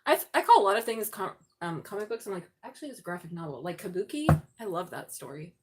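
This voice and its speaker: Middle-aged woman tarot reader on a live stream, blunt, foul-mouthed and jokey, mid-pitched voice. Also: very animated, fast talker, slight background noise. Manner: blunt, profane and jokey, laughing often.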